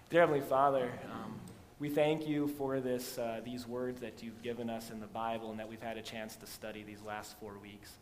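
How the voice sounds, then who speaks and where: A man preaching a sermon as pastor, moving from loud emphatic passages to quiet storytelling. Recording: long hall reverb with faint rumble.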